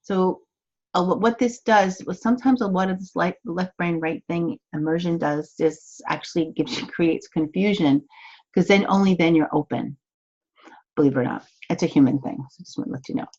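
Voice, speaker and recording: A woman's voice: fairly low pitch, moderate pace, a little mellow, highs cut off. A woman, a business coach, teaching an online course in a chatty, encouraging way from her office, acting out the thoughts she quotes.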